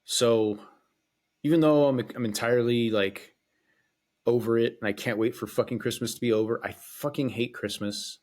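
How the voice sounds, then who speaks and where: Here a solo podcast host talks in a medium-pitched, slightly mellow voice at normal speed, his intonation fairly even. His delivery is loose and rambling, full of profanity and frequent hesitations.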